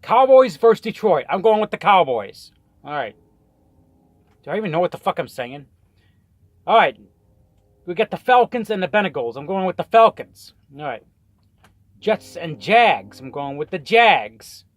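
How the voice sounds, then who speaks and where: A man's voice: fairly high pitch, sing-song, measured pace, pauses often, dry recording. A man casually ranting and rambling through his weekly football picks, swearing often and tripping over his words. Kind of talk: casual rant. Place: in a truck on the road.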